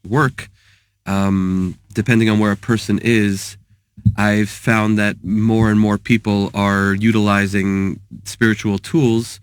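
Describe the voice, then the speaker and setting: Thoughtful man, halting speech. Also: lowish voice, level tone, smooth, no echo. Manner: thoughtful, halting, sprinkled with Hebrew terms. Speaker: guest therapist and author. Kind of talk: casual talk with teaching.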